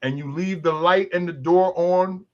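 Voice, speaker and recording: A man's voice: high-pitched, fairly even intonation, measured pace, dull audio. A man in his fifties hosting a candid panel discussion, telling stories and acting out the voices of other people as he makes his points. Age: 50s. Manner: storytelling, acts out voices of others. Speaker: talk show host.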